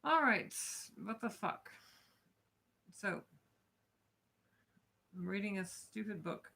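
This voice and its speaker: A woman's voice: mid-range voice, fairly even intonation, slow pace, gravelly, fairly bright tone. A woman streaming live, grumbling in frustration and swearing in casual chat before reading a book aloud.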